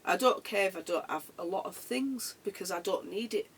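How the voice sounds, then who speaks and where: Vlogger talking from the heart, raspy husky voice, repeats stuff, sounds a bit far off the mic. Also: mid-range voice, moderate pace. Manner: earnest, reflective, repeats phrases. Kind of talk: heartfelt motivational monologue.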